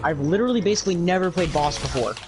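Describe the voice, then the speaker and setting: A man's voice: a little high, animated, racing, background noise. A man streaming a video game, ranting about it in profane, frustrated commentary. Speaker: gaming streamer. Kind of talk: casual livestream commentary.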